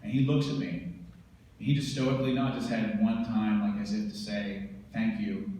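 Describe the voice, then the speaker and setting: A man's voice: fairly low pitch, fairly even intonation, normal speed, warm tone, far from the mic, slight background noise. A man from the United States, a veteran speaker, intensely and vividly retelling a personal story. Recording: roomy hall from afar.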